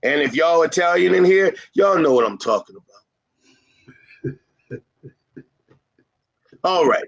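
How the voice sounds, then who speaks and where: A man with a high-pitched, gravelly voice and lively intonation takes it slowly as he gives carpet cleaners business advice in an informal motivational talk, recorded dry and close with no room echo and the highs cut off. He's fired-up and emphatic, repeating his key points and teasing his audience.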